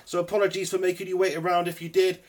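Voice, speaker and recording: Excitable, high-voiced football fan. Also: male voice, quick pace. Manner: excitable, chatty, informal. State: a bit out of breath. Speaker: football fan channel host. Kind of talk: live post-match reaction stream.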